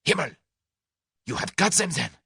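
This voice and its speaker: A man's voice: a little high, moderate pace, creaky, husky, no echo, studio quality, voice pushed up, exaggerated voice. A man voicing a German conspiracy leader who threatens coldly and then loses his composure, in an audiobook reading. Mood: excited. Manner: menacing, then excitable and baffled.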